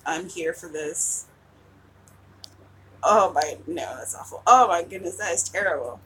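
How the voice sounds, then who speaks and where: A woman's voice: fairly low pitch, animated, unhurried, fairly bright tone, slight background noise, rough recording. A woman in her forties from West Virginia, an author chatting casually with viewers during a live writing session, giggly and rambling. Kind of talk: casual livestream chat.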